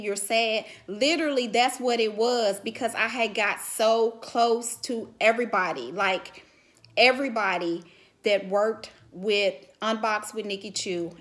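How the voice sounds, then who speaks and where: A middle-aged woman talks straight to her camera in a relaxed, chatty way. She leans on "you know" and "um" as she goes, and her voice swells with feeling as she recounts a big moment. Her pitch sits in a plain middle range. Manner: animated, emotional, lots of "you know" fillers. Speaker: vlogger. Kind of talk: casual storytelling to camera.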